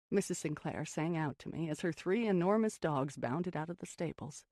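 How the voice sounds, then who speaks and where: Audiobook narrator, first-person storytelling, gravelly, husky, dry close sound. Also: mid-range voice, expressive, brisk, warm tone, dry recording. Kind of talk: scripted narration.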